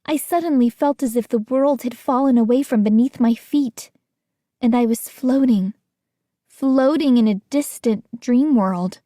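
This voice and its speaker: Slow, dry-voiced woman reading a story aloud. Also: on the high side, warm tone, dry recording. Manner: acts out scared young narrator and other characters' lines. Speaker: audiobook narrator. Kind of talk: scripted narration.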